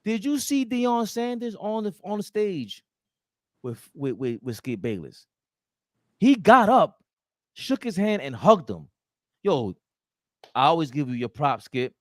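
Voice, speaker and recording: A man co-hosting a casual sports podcast, talking in slangy, emphatic bursts with loud outbursts. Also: high-pitched, sing-song, a little slow, pauses often, no echo, clean studio sound. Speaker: podcast co-host.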